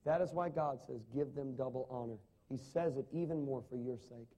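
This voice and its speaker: A man's voice: medium pitch, moderate pace, warm tone. A man preaching a sermon to a congregation, dramatic, with rising and falling emphasis and frequent questions to the listeners. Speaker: pastor.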